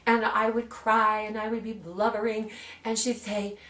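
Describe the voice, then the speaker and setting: A woman in her sixties, an aromatherapy practitioner, who gently demonstrates oils and tells personal stories in a soft, earnest way. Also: a little high, flat delivery. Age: 60s. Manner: soft, earnest, reads blessings slowly. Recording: roomy sound from a distant mic, faint ambience.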